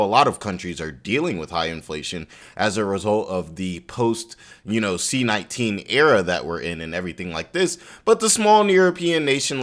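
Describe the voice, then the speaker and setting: A man talks through a news story in a relaxed, off-the-cuff commentary. His speech is chatty and loose, full of conversational fillers, at an ordinary middle pitch. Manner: chatty, loose, repeats "you know what I'm saying". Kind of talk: casual commentary reacting to a video.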